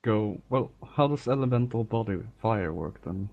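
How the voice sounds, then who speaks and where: A man's voice: lowish voice, animated, normal speed, vocal fry, phone-quality sound. A man playing a tabletop game, hesitantly asking how the rules work. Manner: hesitant, questioning. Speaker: player.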